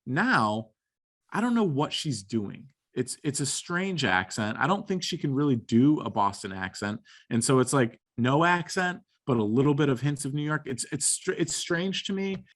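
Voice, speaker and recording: A man's voice: mid-range voice, moderate pace. A man co-hosting a podcast, chatting casually with slang and swearing. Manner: slangy and lively, swears freely. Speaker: podcast co-host. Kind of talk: casual chat.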